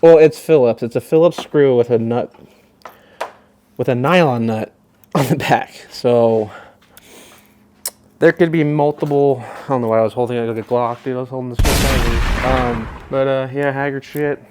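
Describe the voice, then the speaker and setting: A man's voice: mid-range voice, fairly even intonation, moderate pace, a little mellow, a little hiss or hum. A young man casually talking through his car project in a loose, rambling, profane way. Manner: loose, rambling and profane, with lots of "you know". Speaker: car vlogger. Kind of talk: casual garage vlog.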